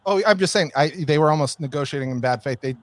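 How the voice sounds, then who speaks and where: A man's voice: fairly high pitch, fast, no room sound. A man co-hosting a podcast, talking in casual chat with lots of hesitations and restarts. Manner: hesitant, frequent restarts and fillers. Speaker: podcast co-host.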